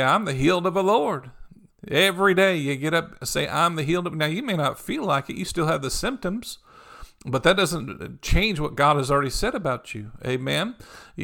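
Gravelly pastor preaching with frequent amens. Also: male voice, fairly high pitch, a bit bright. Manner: conversational preaching with frequent "amen" and "you know"; repetitive, encouraging cadence. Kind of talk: sermon.

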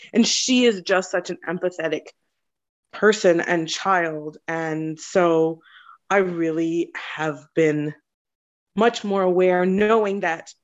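A mother shares with the group how her small daughter reminded her to be kind to herself, slowing and softening as she speaks. The call audio comes through dull and muffled. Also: lowish voice. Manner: warm, slowing and softening when moved. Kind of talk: casual sharing on a video call. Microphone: video call.

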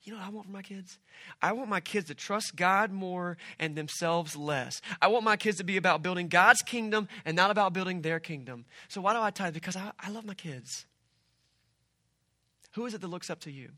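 Bright, lively man preaching a sermon. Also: high-pitched, brisk, no echo, clean studio sound. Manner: animated, conversational preaching with asides. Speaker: pastor.

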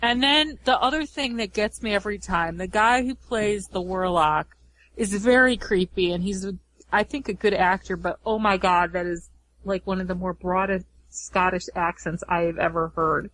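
A woman's voice: medium pitch, normal speed, a bit bright, low-quality recording. Woman chatting with hesitant restarts. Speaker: podcast co-host. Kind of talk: casual chat.

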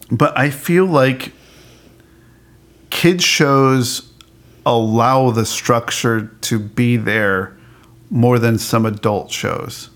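A man chatting casually as a podcast co-host, animated, laughing often and restarting his sentences. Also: medium pitch, extremely slow, pauses often. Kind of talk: casual chat about a cartoon.

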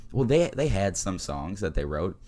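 A deep-voiced man in his twenties, a podcast guest telling laid-back stories with lots of laughs and fillers. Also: very animated, normal speed, mellow. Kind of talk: casual podcast chat.

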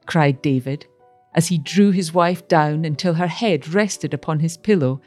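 A woman narrating a story with a measured, expressive reading. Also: low-pitched, dry recording, clean studio sound.

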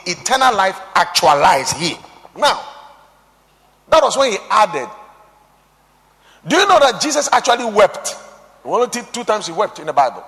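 A man preaching a sermon, quoting scripture, swinging between shouted emphasis and hushed, low passages. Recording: long hall reverb.

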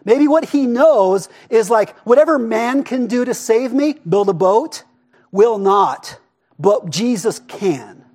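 A man preaching a sermon in a casual, conversational way, often asking "right?" and dropping to a hush for emphasis. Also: very high-pitched, takes it slowly. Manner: expressive, drops to a hush for emphasis. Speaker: pastor.

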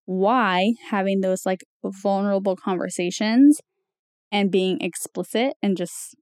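A woman's voice: medium pitch, a little slow, a little mellow, no echo, clean studio sound. A young woman co-hosting a podcast, talking in a casual, chatty way with lots of fillers and small laughs. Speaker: podcast co-host. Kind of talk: casual chat.

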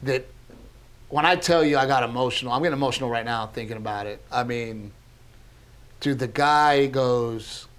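A middle-aged man, a comedian and podcast host, telling a story in casual chat, animated and swearing freely. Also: medium pitch, moderate pace. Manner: animated, swears freely, laughs through acted quotes.

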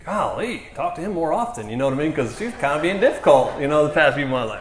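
A man ministering to a congregation, telling a testimony story in an animated way and acting out the quotes. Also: a little high, fast talker, reverberant, a crowd in the background. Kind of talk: storytelling sermon.

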